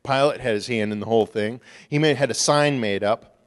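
A man who is a pastor, preaching a sermon and moving from quiet, hushed stories to loud, emphatic passages. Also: mid-range voice, a little fast, long reverb tail.

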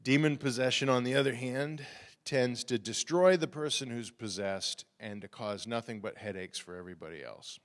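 A man preaching a sermon in a conversational, animated storytelling way. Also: medium pitch, moderate pace. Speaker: pastor. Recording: reverberant hall.

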